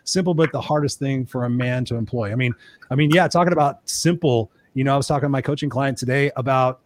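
A man hosting a casual video call chat, quick, joking and swearing freely. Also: medium pitch. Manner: fast, profane, joking. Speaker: host.

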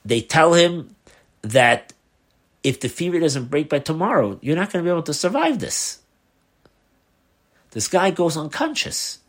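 A rabbi tells a long story in an animated, unscripted way, slipping into the characters' lines as he goes. His voice sits somewhat higher than most men's, and his talk is sprinkled with fillers. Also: measured pace, long pauses. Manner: animated, acts out the dialogue; loose, with fillers. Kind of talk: storytelling lecture.

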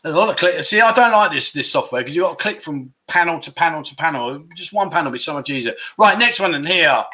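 A man hosting a casual livestream, reading viewer comments aloud, laughing often and spelling out local words slowly. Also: on the high side, lively intonation, sharp tone. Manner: chuckling often, teaching Thai words slowly. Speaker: livestream host.

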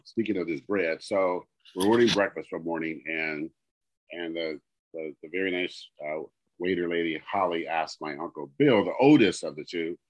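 A man co-hosting a podcast, casually telling an animated story and acting out the people in it. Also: deep voice, rough recording. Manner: animated storyteller, acts out quoted dialogue. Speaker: podcast co-host.

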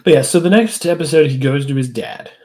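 Fairly quick and animated, a podcast co-host laughs through casual chat, acting out quoted lines with big leaps in pitch.

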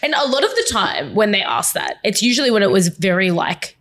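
A woman's voice: medium pitch, big pitch swings, fairly quick, fairly bright tone. A woman co-hosting a casual podcast, giggly and hesitant as she searches for words. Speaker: podcast co-host.

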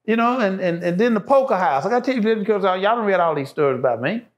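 A man's voice: high voice, expressive, fast. A man, a show guest, talking passionately and emphatically, repeating phrases to drive his points home. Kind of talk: impassioned casual talk.

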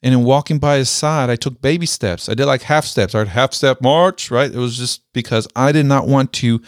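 A man telling a personal story with a military background, speaking emphatically, repeating key phrases and slowing down to stress them. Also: medium pitch, no echo, clean studio sound. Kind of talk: motivational storytelling.

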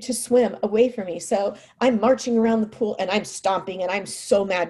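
A woman's voice: mid-range voice, normal speed, few pauses, husky. A mother telling a personal story in a casual way, full of "like" and "you know", acting out what people said. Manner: animated, acts out quoted speech; frequent fillers like "like" and "you know".

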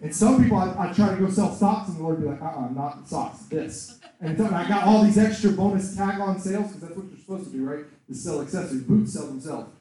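A man preaching a sermon and telling his own testimony in an animated storytelling manner. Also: high voice, fast, hardly any pauses. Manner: animated storytelling, acts out voices in quotes. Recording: very echoey room, voice far from mic.

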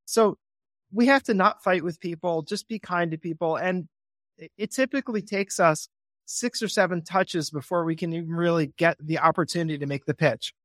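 A man talking through his methods in an animated, friendly way, now and then slipping into a bright, upbeat voice to act out a phone call. His voice sits a little high. The recording is dry and close, with no room in it. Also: normal speed, no room sound. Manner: animated, acts out phone calls in a cheerful voice. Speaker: real estate investor guest. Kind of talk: podcast interview.

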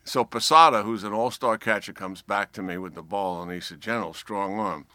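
An older man with a slight New York accent, a four-star general telling a lively anecdote as a podcast guest and acting out the voices of people in the story. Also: on the low side, a little fast, dry recording. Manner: lively storyteller who acts out quoted voices.

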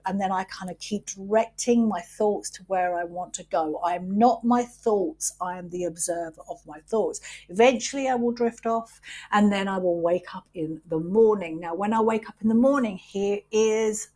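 A middle-aged woman hosting a podcast, talking candidly about her wellbeing routines, unhurried and reflective, swearing freely. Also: medium pitch, darkish tone. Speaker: podcast host.

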